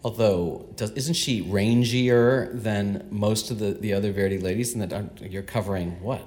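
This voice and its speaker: A man interviewing a singer onstage in front of an audience, asking measured, probing questions. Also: lowish voice, darkish tone.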